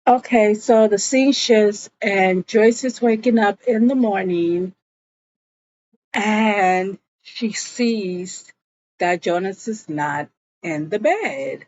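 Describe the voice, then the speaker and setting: A woman's voice: medium pitch, takes it slowly, darkish tone, no room sound. A woman recapping a TV episode in a chatty, gossipy storytelling way, on a dull, muffled recording. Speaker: TV show recapper.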